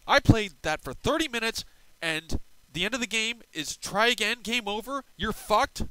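A man's voice: high voice, expressive, normal speed, sharp tone, no room sound, poor audio. A man giving ranting gameplay commentary as a game reviewer, sarcastic and profane.

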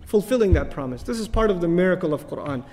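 A male lecturer teaches scripture in a rapid, high-pitched voice. He builds to emphatic peaks, then drops into soft asides. His voice carries a long hall reverb. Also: lively intonation. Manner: recites Arabic verses in quick chanted bursts. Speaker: Islamic lecturer. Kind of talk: lecture on the Quran.

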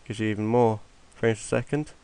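A man's voice: lowish voice, fairly even intonation, a little fast, darkish tone, clear, resonant tone. A young man, rambling offhandedly through a screen-recorded game tutorial while fighting a cold. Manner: offhand, rambling, mutters to himself. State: has a cold. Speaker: tutorial maker.

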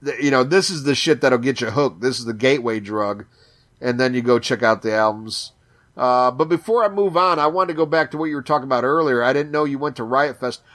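Man, chicago accent, podcast co-host, casual chat, profane, excitable, stumbles over words, average pitch. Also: a little fast. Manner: profane, enthusiastic, repeats words.

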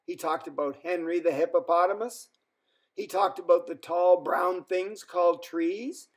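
A man reading a children's story aloud as a storyteller, in an expressive way. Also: sits high. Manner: slow, expressive.

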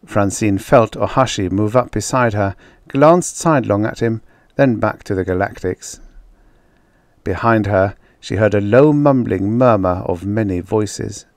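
A man's voice: on the low side, darkish tone, dry recording, studio quality. A man narrating a vintage science fiction story as an audiobook reader. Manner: slow, measured reading. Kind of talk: scripted narration.

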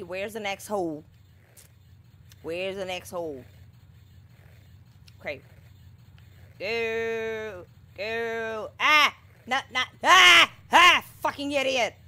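A woman playing a video game and commenting on it, exasperated, swearing and crying out loudly at the game. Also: mid-range voice. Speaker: gameplay streamer. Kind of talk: gameplay commentary.

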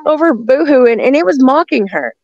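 Gravelly-voiced woman rambling through a story. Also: sits high, big pitch swings, moderate pace. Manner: rambling, with restarts and frequent laughs. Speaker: guest recounting encounters. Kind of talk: casual storytelling. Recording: dull lo-fi sound.

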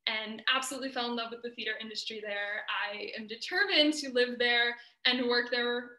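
A young American woman delivers an academic presentation over a video call. Her voice is bright and sits a little high. She explains each point earnestly, and the sound carries a roomy echo. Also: normal speed. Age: young adult. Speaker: student presenter.

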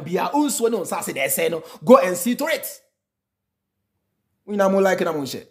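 Ghanaian male reaction host, high register, emphatic and repetitive delivery. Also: sing-song, normal speed. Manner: emphatic, mixing in snatches of singing and laughter, repeating lines for effect. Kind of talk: animated reaction commentary.

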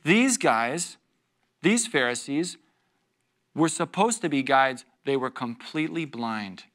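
A man's voice: medium pitch, expressive, slow, a bit bright. A man teaching a Bible study as a pastor, reading scripture with rising force and acting out little scenes. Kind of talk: expository sermon. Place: church.

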